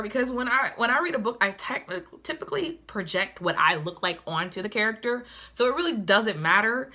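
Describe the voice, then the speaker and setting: A young woman giving a casual, chatty book review, sassy and animated with lots of asides. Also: fairly high pitch.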